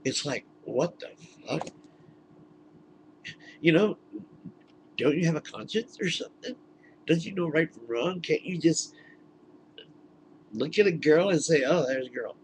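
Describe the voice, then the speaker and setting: A man's voice: fairly high pitch, animated, measured pace, long pauses, slight background noise, low-quality recording. A man ranting indignantly into his webcam, laughing often as he talks. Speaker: vlogger. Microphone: webcam mic.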